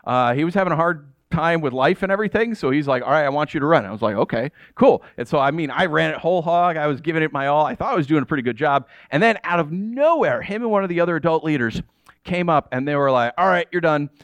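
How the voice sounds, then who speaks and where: A man's voice: a little high, fast, no room sound. A man in his thirties preaching a sermon, telling stories and acting out the voices of people he quotes. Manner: animated storytelling, acts out quoted voices. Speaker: pastor.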